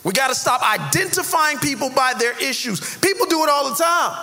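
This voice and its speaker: A man's voice: very high voice, animated, a little fast, few pauses, sharp tone. A male pastor preaching a conversational sermon in a church, with sudden emphatic rises. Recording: long hall reverb, faint background noise.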